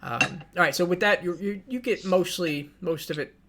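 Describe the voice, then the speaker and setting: A man's voice: high-pitched, moderate pace, fairly bright tone, a little hiss or hum. A man narrating as game master of a tabletop game, in a loose, hesitant way with fillers.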